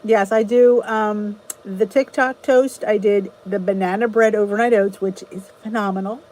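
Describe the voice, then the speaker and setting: Hosting a relaxed livestream, this woman speaks at normal speed in a steady, mid-range, somewhat dark voice. She welcomes viewers by name and answers their comments in a meandering, chatty way with many restarts, all on a rough recording.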